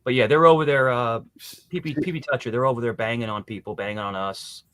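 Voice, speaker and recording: A man's voice: medium pitch, fairly even intonation, quick pace, a bit bright, no room sound. A man chatting casually on a livestream, rambling and laughing as he mimics others. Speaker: streamer.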